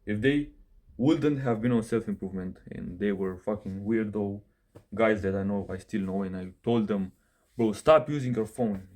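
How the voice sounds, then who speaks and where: A man's voice: fairly low pitch, moderate pace, dark tone. Blunt young man ranting about self-improvement. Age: young adult. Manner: blunt, swears, keeps saying bro; non-native phrasing, self-corrects mid-sentence. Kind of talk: casual direct-to-camera advice rant.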